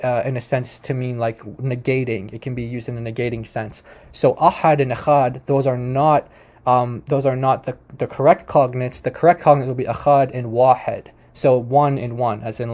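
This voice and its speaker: A man's voice: medium pitch, steady tone, normal speed, darkish tone. A man hosting a commentary on a video, explaining and correcting points patiently at his computer. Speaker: host.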